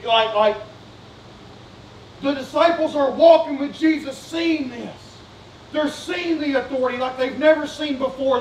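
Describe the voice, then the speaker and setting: A male pastor preaches a fervent, repetitive sermon in an extremely high-pitched voice, posing questions to his congregation. The church sanctuary sounds roomy through a distant mic, with slight background noise.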